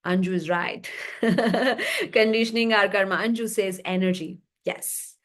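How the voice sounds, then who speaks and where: A woman teaching a live online class, reading chat replies and explaining with rhetorical questions and animated stories. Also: a little slow. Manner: animated storytelling, rising pitch for emphasis. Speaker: energy healing teacher.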